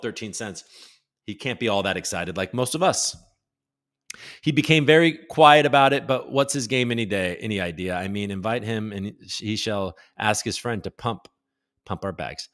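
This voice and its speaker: A man's voice: medium pitch, fairly bright tone. A man hosting a casual crypto livestream, rambling and joking irreverently as he reads viewer comments.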